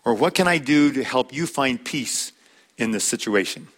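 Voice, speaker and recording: Guy preaching a sermon, mid-pitched voice, slow and deliberate, leans on key words. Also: lively intonation, a bit bright. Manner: measured preaching with slow emphatic stresses. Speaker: pastor.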